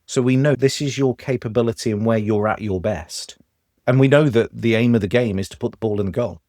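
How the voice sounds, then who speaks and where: A man with a Stoke Midlands accent, a podcast guest telling lively examples in casual conversation. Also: medium pitch, fairly quick, dry recording, clean studio sound. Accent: Stoke, English Midlands.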